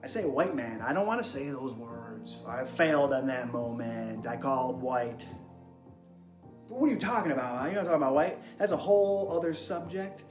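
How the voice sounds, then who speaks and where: A young man hosting an energetic wellness monologue, firing rhetorical questions at his viewers in an excitable way. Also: medium pitch, moderate pace. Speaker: host. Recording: echoey room with music behind.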